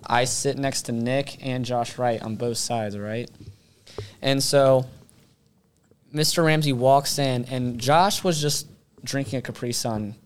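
A teenage boy hosting a casual podcast chat, telling stories with lively voices for the people in them. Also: mid-range voice, slow, clear, resonant tone. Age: teens. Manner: animated storyteller, does voices of others.

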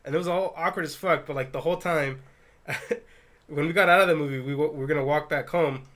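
A young man in casual conversation, telling a rambling story full of profanity and his own laughter. His voice sits a little higher than most men's. He talks loosely and easily. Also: brisk, fairly bright tone. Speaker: podcast co-host. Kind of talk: casual chat.

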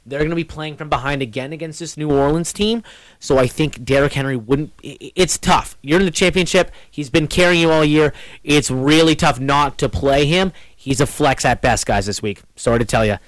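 A man hosting a casual sports podcast, talking in an animated way with quick swings in pitch. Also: no room sound. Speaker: podcast host.

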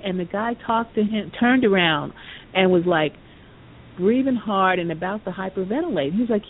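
Casual podcast storyteller, rambling with lots of asides, over a thin phone line with a low rumble behind. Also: expressive, normal speed. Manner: rambling, full of "you know" asides. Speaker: podcast speaker.

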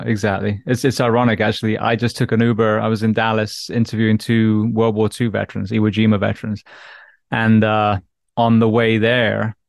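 An English man hosting a podcast, asking measured, earnest questions in casual conversation. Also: fairly low pitch, gravelly, dry recording, clean studio sound. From England. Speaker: podcast host. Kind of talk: casual interview chat.

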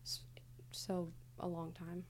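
A woman's voice: lowish voice, completely flat delivery, takes it slowly. A young adult woman, a podcast guest, recounting her past candidly in a casual, hesitant way with many fillers. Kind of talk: casual conversational interview.

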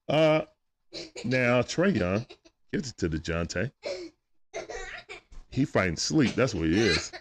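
Animated man calling a game for his stream. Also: medium pitch, measured pace, long pauses, slight background noise. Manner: animated, greets chat viewers between plays; talks aside to his young son during the stream. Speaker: fan commentating a game live for viewers. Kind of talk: casual live-stream play-by-play.

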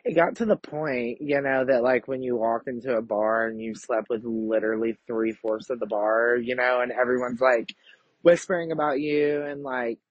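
Hosting his podcast, a young Kentucky man goes on a brash, profane, campy confessional monologue at a moderate pace. His mid-range voice keeps fairly even intonation, and the dull lo-fi home recording has no echo.

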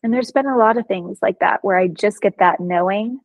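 Woman, psychologist guest, expressive storyteller, mid pitch, dry close sound. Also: normal speed, dry recording, low-quality recording. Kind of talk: casual interview storytelling.

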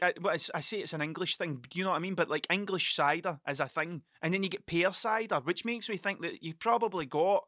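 Scottish man, podcast host, casual rambling monologue, constant swearing, bright forceful voice, dry close sound. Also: high-pitched, dry recording. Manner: rambling, heavily profane, self-interrupting.

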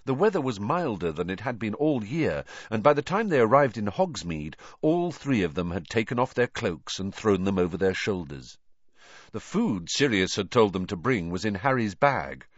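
Low-voiced man with animated narration. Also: normal speed, no room sound, muffled recording. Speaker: audiobook reader. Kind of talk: scripted narration.

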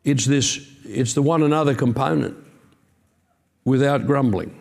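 A man's voice: medium pitch, unhurried, gravelly. A man preaching a sermon as pastor, earnest and emphatic, with conversational asides.

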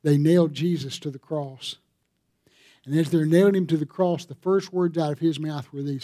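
A pastor preaching a sermon, telling a story and building to emphatic appeals. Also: male voice, on the high side, steady tone, moderate pace, mellow, no room sound, studio quality.

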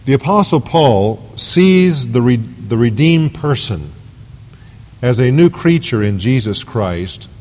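A man delivers a sermon at an unhurried, deliberate pace, stressing key words and repeating phrases. His pitch moves animatedly up and down. The voice carries a long, echoing reverb, as if recorded in a large hall. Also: a little mellow. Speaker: pastor. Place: church sanctuary.

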